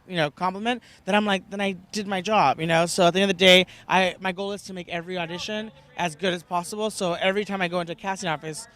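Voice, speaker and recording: A young man, an actor, chatting in an interview in an animated way, laughing often and acting out quotes. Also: sits high. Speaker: actor and guest. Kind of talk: casual interview chat.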